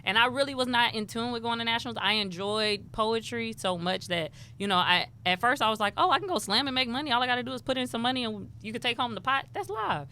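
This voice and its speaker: A woman from Houston, a rapper and poet telling lively stories as an interview guest and acting out what people said. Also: a little high, fast talker, hardly any pauses. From Houston, Texas. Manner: animated storyteller who acts out quoted dialogue. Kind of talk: casual interview chat.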